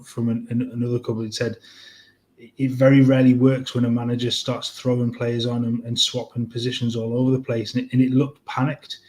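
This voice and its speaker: Flat-voiced man giving measured analysis. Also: mid-range voice. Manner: measured, thoughtful analysis with many restarts. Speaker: podcast co-host. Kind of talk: casual match reaction chat.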